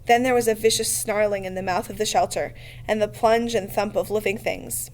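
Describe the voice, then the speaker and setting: Woman reading a novel aloud, measured. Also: medium pitch, steady tone, slight background noise. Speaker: reader.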